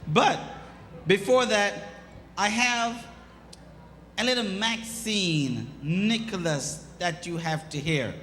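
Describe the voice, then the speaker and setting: A Jamaican man emcees a live event in a high, bright voice, joking and teasing between acts. He slips into patois asides, with soft music and a long hall echo behind him. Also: slow, pauses often, slight background noise. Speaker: event host, radio personality.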